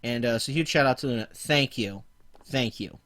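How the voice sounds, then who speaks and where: A man's voice: medium pitch, normal speed, a bit bright. A man casually chatting on a livestream, laid-back, rambling and profane. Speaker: livestream host.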